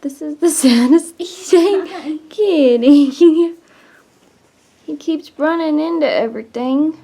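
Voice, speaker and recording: Woman, very high voice, slow cooing baby talk; faint background noise. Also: mellow. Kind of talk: casual home video.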